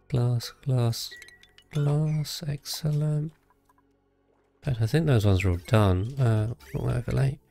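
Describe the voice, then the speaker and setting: A man's voice: medium pitch, gravelly, a little mellow. A man streaming a video game live, thinking aloud and chatting casually with his viewers as he plays. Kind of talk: casual live gameplay commentary.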